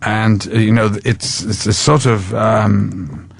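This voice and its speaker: A man's voice: on the low side, fairly even intonation, takes it slowly, vocal fry, slightly rough, no room sound. A man in his sixties, a guest actor on a talk show, telling stories in a chatty, amused way. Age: 60s. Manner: chatty, amused, slips into character voices. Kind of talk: casual interview storytelling.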